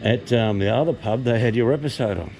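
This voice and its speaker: A man's voice: medium pitch, fairly quick, darkish tone, a little hiss or hum. An Australian man hosting a casual walk-and-talk vlog about pubs, chatty and rambling with casual swearing, recorded on a handheld camera outdoors and inside a country pub. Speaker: vlog host touring pubs.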